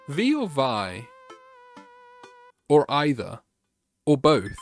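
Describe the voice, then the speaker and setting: A man's voice: medium pitch, huge pitch swings, extremely slow, pauses often, faint music behind. A man streaming a game, reading its text aloud and chatting with his viewers. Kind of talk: gaming livestream chat.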